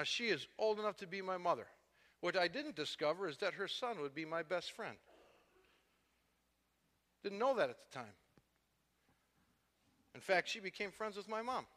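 Preacher, male, high bright voice, impassioned testimony in a reverberant hall. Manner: storytelling testimony, swings from quiet to loud and impassioned. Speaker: pastor. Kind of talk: sermon.

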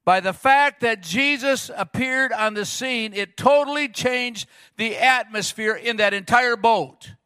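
A middle-aged man preaches from the pulpit in a high, bright, forceful voice. He tells stories in a lively way and acts out the people he quotes. The sound is dry and close, with no room around it. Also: a little slow, hardly any pauses, clear, resonant tone, no room sound. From Arizona. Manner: storytelling, animated retelling with quoted voices. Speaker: pastor. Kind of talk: sermon.

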